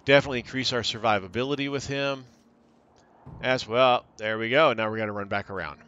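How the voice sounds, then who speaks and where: A man's voice: mid-range voice, steady tone, a little fast, a bit bright, highs cut off. A man casually commenting on a strategy game as he plays, thinking aloud and reading out options from the screen. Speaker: gaming channel host. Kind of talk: casual let's-play commentary.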